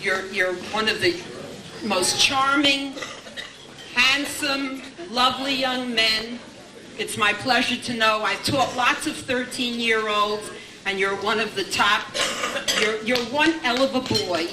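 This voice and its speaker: Older woman, grandmother giving a chatty anecdotal celebration speech; slightly high voice, recorded from a distance in an echoey room with background noise. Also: slow pace. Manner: chatty storyteller, repeats "I says", many restarts.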